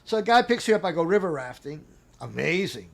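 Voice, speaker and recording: A middle-aged interview guest with a fairly high, vocal-fried voice talks fairly fast through a long personal anecdote. Casual and animated, he voices the quotes of others and breaks into laughter.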